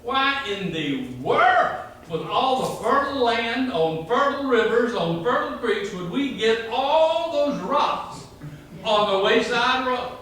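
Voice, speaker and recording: A man with a Georgia drawl tells rambling, humorous family stories to a local history meeting. His voice sits high and bright, and it rings through a very echoey room. He is picked up from a distance, with a faint hiss underneath. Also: animated, slow pace. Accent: Southern US, Georgia. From north Georgia, USA. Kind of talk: folksy talk to a local history group. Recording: very echoey room, mic far off.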